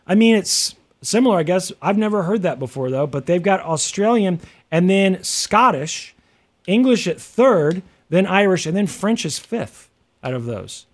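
Chatty Midwestern man, fairly high voice. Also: lively intonation, moderate pace. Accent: General American Midwest. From American Midwest. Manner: chatty, musing, full of fillers and restarts. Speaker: co-host. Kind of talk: casual chat.

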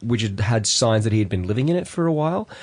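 Male podcast co-host, low-ish voice, relaxed trivia storyteller. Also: fast talker. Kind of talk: casual chat.

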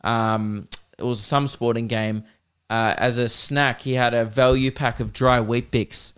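Smooth-voiced Australian man rambling jokily. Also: mid-range voice, flat delivery, measured pace, fairly bright tone. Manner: rambling, joking, swearing freely. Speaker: podcast host. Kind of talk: casual comedic chat.

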